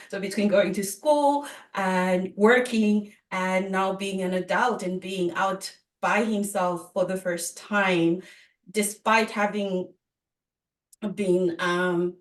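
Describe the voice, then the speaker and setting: A middle-aged woman, an author guest, answering interview questions in a measured, thoughtful way with light laughs and frequent pauses. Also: mid-range voice, steady tone. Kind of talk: interview conversation. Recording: roomy, distant from the mic.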